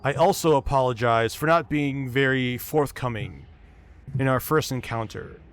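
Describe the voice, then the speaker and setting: A man voicing an ancient gold dragon that is formal, measured and wary, in a tabletop game. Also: mid-range voice, close to an everyday voice.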